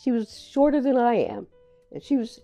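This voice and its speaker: An older woman, a playwright, recalling her career in a reflective, halting way, often repeating words as she remembers. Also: a little high, big pitch swings, warm tone, soft background music. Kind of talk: reflective personal storytelling.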